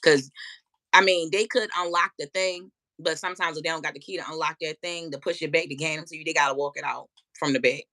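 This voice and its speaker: A woman hosting a live stream, chatting casually and profanely with her viewers and telling animated stories. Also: low voice, quick pace. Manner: addresses viewers directly.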